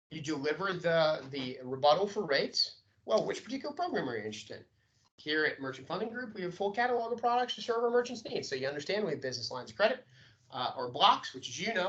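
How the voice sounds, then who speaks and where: A man's voice: a little high, pushed and bright, lo-fi sound. A man giving an emphatic sales training lecture and checking in with his listeners. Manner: emphatic, coaching, asks "okay?" often.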